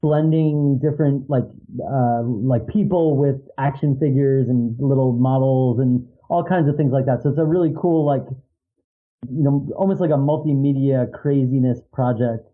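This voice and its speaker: A man's voice: medium pitch, moderate pace. A man chatting casually as a podcast guest, rambling and enthusiastic. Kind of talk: casual chat. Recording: tinny phone-like line.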